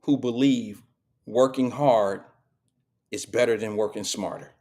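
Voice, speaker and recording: A man's voice: medium pitch, a little slow, dark tone. A middle-aged man hosting a live show, telling stories and preaching in a casual, slangy monologue to his audience.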